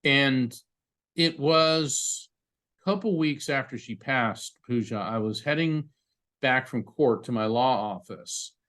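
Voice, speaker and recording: Halting, storytelling man, podcast guest. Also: medium pitch. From United States. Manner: halting, repeats words, warm storytelling. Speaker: psychic medium and attorney, podcast guest. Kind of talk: emotional personal storytelling.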